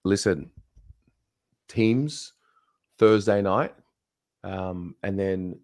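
A man co-hosting a football fan show, relaxed and calm as he steers it along and reads out announcements. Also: low-pitched, very slow, dry recording, studio quality. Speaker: co-host. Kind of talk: casual show chat and announcements.

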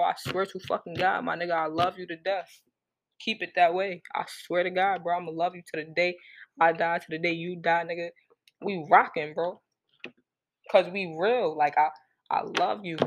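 A podcast host talking straight to listeners in a casual, unscripted monologue, blunt and profane, heavy on slang and repeating points for emphasis. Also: mid-range voice.

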